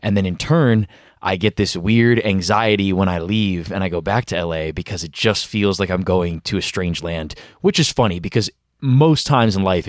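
A man's voice: sits low, dry recording, studio quality. A man from the East Coast of the United States, a podcast guest talking in a reflective, thoughtful way in casual chat.

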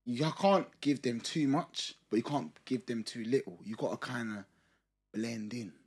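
A man's voice: medium pitch, normal speed, husky. A young man with a South London accent, chatting casually and laughing often in a podcast conversation. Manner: laughs often, animated banter. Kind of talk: casual chat.

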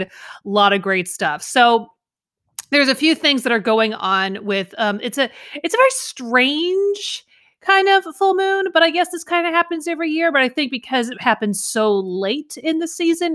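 An animated woman co-hosting a podcast, her voice sitting a little higher than most. She tells stories in a quick, loose, casual way and laughs easily. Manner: animated storyteller, laughs often. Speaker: podcast co-host. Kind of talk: casual chat.

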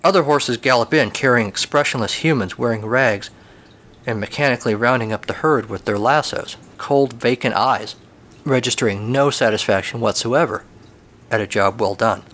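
A man narrating a comic story in a wry, deadpan manner. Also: mid-range voice, normal speed.

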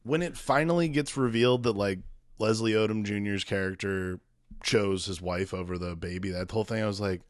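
A man's voice: lowish voice, fairly quick, no echo, clean studio sound. A man co-hosting a podcast, chatting casually about a movie and adding wry, sarcastic asides. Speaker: podcast co-host. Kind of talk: casual movie review chat.

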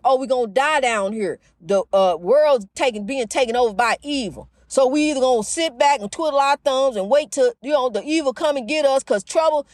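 A woman's voice: sits high, no echo, studio quality. A woman speaking in an impassioned, preachy spiritual monologue, repeating herself and calling the listener honey.

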